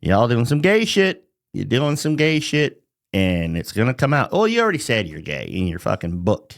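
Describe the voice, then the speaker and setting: A middle-aged man delivers a loose, profane rant, his voice leaping up and down in pitch. He mocks his targets and breaks into chuckles mid-sentence. The sound is close and dry, with no room around it. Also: wildly swooping pitch, normal speed, creaky, no room sound. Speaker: vlogger. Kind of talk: casual ranting monologue.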